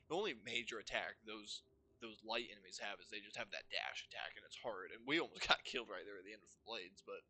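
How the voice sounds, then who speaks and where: Bright-voiced enthusiastic gaming commentator man. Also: medium pitch. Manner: enthusiastic, rambling, excited about the story. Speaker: gameplay streamer. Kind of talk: gameplay commentary. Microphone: streaming microphone.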